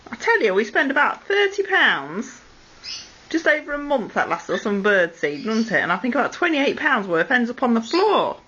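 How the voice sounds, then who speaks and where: A woman's voice: fairly high pitch, very animated, moderate pace, bright, forceful tone. A woman talks baby talk to her pet parrots at home, coaxing them and scolding them fondly. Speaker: pet owner. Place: home room with parrot cages. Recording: lo-fi 2008 home video with faint noise.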